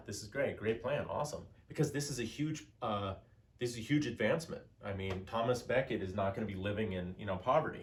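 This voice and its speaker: A man giving a casual history lecture, telling the story conversationally with many fillers and acting out quoted lines. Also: fairly low pitch. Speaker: teacher.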